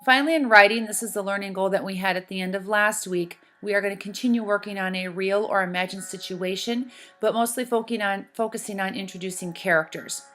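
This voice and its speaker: Slow, clear woman teaching a lesson. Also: medium pitch, steady tone, a bit bright. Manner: slow, clear and deliberate, spelling out sounds. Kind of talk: recorded classroom lesson. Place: recorded lesson video.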